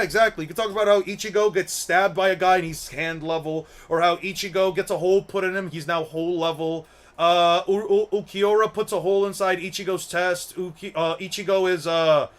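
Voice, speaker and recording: A man's voice: a little high, fairly bright tone. A young man hosting an anime commentary channel, ranting casually, rambling, repeating words and swearing. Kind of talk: casual opinion rant.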